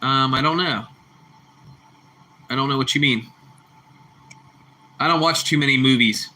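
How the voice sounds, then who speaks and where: A bright, chatty livestream host reads chat in a mid-range voice, a little slow, repeating himself, laughing a lot, and calling viewers bro and bucko.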